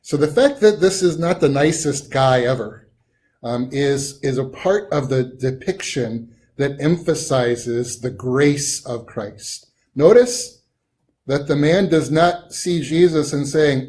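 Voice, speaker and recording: Man, Bible study teacher, conversational, mid pitch, loose with fillers and restarts. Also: slow pace. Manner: relaxed, thinks aloud with frequent ums and restarts.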